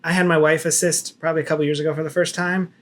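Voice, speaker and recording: A man co-hosting a photography podcast in casual chat, relaxed and wry, often dropping into low mutters. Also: rapid-fire, slight background noise. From United States.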